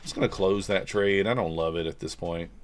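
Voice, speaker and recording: Low-key man muttering over live trades. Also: steady tone, fairly quick, a little hiss or hum. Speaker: livestream futures trader. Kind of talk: casual live-stream trading commentary.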